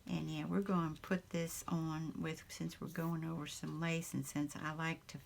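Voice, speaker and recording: Speaking deeply and in a level tone with some vocal fry, a Southern US craft vlogger chats casually while crafting in her home craft room. She rambles, laughs often, and fills gaps with ums, and there's slight background noise.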